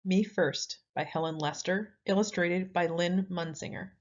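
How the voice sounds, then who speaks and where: A woman reading a children's picture book aloud in a lively, expressive way. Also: on the low side, measured pace. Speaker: storyteller. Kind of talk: children's story read-aloud. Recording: slightly dull lo-fi audio.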